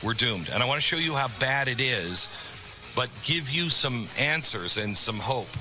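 A man's voice: medium pitch, expressive, normal speed, over music. A middle-aged man hosting a talk radio show, speaking in a conversational, rambling way with sarcastic asides. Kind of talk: talk radio monologue with live ad read.

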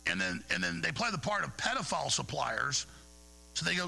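Man, radio host, gravelly voice, heated rambling rant, repeats words, faint electrical hum. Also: mid-range voice, huge pitch swings, a little fast, pushed and bright, rough recording. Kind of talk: agitated talk radio monologue.

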